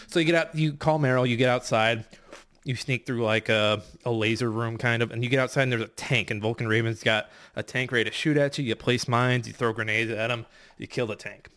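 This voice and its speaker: A man's voice: medium pitch, fairly bright tone. A man racing through a casual game recap, rambling and profane, full of fillers and restarts. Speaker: podcast competitor recapping a game.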